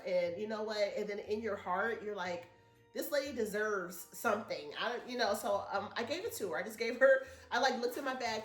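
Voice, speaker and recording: Her voice is medium in pitch, captured with a roomy sound, as the woman vlogger chats casually to camera and wanders through a story for her viewers.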